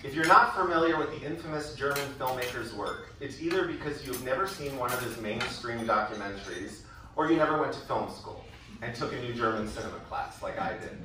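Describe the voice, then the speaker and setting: A man's voice: medium pitch, a little fast, noisy background. A young adult man telling wry stories in a speech at a school event. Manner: wry, animated storytelling with laughs. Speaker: former student giving a speech. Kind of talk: storytelling speech. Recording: echoey hall from far off.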